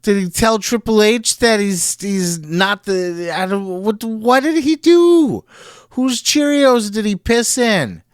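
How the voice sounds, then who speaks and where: A man reviewing a wrestling show in casual solo commentary, profane and animated, laughing often. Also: high voice, slow pace, smooth, no room sound, clean studio sound.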